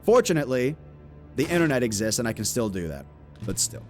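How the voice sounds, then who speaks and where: A man live-streaming a game, chatting loosely with his viewers and swearing, with sudden loud outbursts. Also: medium pitch, sing-song, fast, music in the background. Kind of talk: casual live-stream chat while playing a game.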